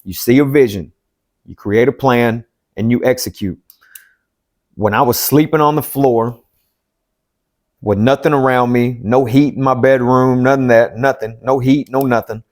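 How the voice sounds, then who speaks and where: A plain-spoken man at a middle pitch talks like a life coach, swearing freely and pressing the same points again and again. His delivery is blunt and emphatic, the rhythm of a motivational pep talk. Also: moderate pace, long pauses, darkish tone. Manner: blunt and profane, hammering points by repetition. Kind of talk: motivational self-help talk.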